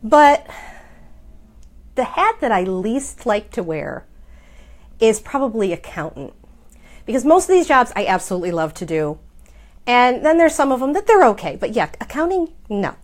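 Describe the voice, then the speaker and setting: A woman's voice: a little high, very animated, moderate pace, long pauses. A middle-aged woman talks straight to the camera in a casual advice vlog. She is chatty and pokes fun at herself, and she keeps asking rhetorical questions as she speaks as a fellow business owner. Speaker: small business owner and vlogger.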